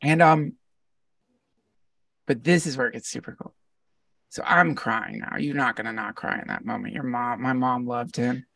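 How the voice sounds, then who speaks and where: A man, a podcast guest, telling a heartfelt personal story in an animated, earnest way and often laughing. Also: medium pitch, normal speed, vocal fry, pauses often, no echo, recorded from a distance. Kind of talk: casual storytelling conversation.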